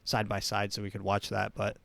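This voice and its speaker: A man's voice: fairly low pitch, monotone, fairly quick, gravelly, fairly bright tone. A man hosting a casual solo talk show, rambling with many restarts. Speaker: host.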